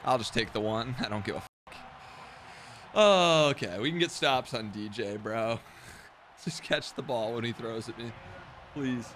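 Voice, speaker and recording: A young man giving live commentary while playing a video game, swearing and repeating himself, sometimes breaking into yells. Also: mid-range voice, moderate pace, a little hiss or hum. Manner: swears and mutters the same phrase over and over; excitable, jumps into yelling.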